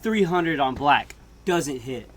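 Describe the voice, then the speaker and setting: Animated storytelling guy, slightly high voice. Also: slow, a little hiss or hum. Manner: animated, swings between loud outbursts and hushed asides; laughs often. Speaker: vlogger. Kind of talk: comedic storytime.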